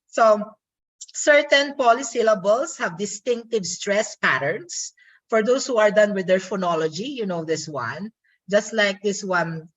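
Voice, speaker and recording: A woman's voice: medium pitch, low-quality recording. Filipino woman giving a lecture. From Philippines. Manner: explanatory, often checks in with "okay?". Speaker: guest lecturer. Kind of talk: university lecture.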